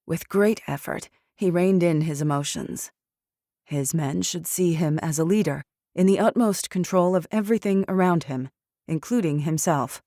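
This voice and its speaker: A woman narrating an audiobook in a measured, steady storytelling manner. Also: on the low side, dry recording. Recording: dry studio recording.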